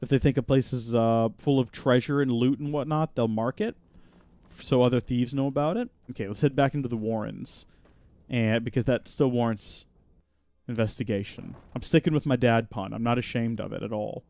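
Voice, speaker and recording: A man hosting a live game stream, chatting, joking and reacting out loud as he plays. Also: medium pitch, normal speed. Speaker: host.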